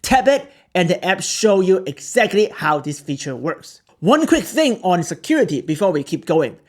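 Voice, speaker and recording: A man's voice: high voice, very animated, moderate pace. A man hosting a tech channel, narrating a product tutorial in earnest, explanatory short sentences. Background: background music.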